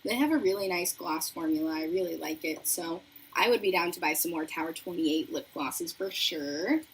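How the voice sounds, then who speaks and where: A woman's voice: lowish voice, normal speed, husky, rough recording. A young woman hosting a beauty livestream, chatting casually and reading viewer messages while she does her makeup in her apartment. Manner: bubbly, chatty, reads viewer messages aloud. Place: apartment room with a noisy radiator. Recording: faint room noise from radiator. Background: faint radiator hiss.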